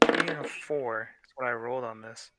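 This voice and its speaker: A man's voice: mid-range voice, normal speed, bright, forceful tone. A man playing in a tabletop game, easygoing and plain-spoken. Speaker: player. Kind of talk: casual tabletop play.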